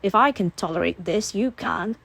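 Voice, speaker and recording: A weary, displeased aristocratic gentleman speaks in short, dry sentences in an audiobook, as the woman narrator puts him on. The voice stays only a little lower than her own. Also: moderate pace, creaky. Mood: curt. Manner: curt, dry. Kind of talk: audiobook character voice.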